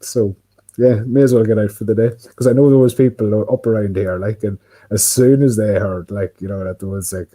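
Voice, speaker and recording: On a poorly recorded livestream, an Irish host talks to himself indoors by a window, rambling casually and swearing amid many fillers. His voice sits on the low side, warm in tone, at a normal speed.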